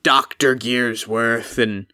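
Guy doing big tired flesh golem scientist in a tabletop game, slow sighing polite voice, dry sound. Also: mid-range voice, fairly even intonation, sharp tone, no echo, voice pushed down. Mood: weary, polite. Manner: slow, sighing, formal and apologetic.

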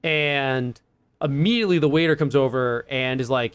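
A man's voice: mid-range voice, moderate pace, clean tone, dry recording. A young man, a podcast co-host rambling through a story in casual chat with fillers and laughs.

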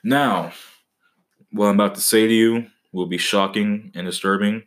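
A young man with a deep, low voice, hosting a casual comedic podcast monologue. He swears freely and jokes around, breaking into mock-dramatic outbursts. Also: steady tone, moderate pace, fairly bright tone. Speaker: podcast host.

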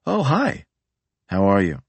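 A man voicing a sweet, casual young woman talking on the phone with a lightly raised, soft voice. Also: on the low side, huge pitch swings, takes it slowly, gravelly, husky, dry recording, heavily acted. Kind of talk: audiobook character voice.

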